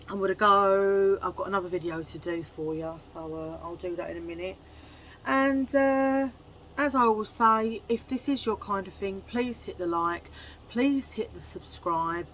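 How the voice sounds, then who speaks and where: A woman chatting casually to camera at home in a chummy way, full of quick asides. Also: mid-range voice, a bit bright, slight background noise, low-quality recording. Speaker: haul vlogger.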